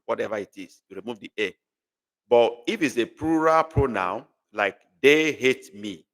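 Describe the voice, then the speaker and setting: A man's voice: lowish voice, fairly bright tone, in a large hall. A man, teaching a live online language lesson, patient and repeating points for emphasis. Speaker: language tutor.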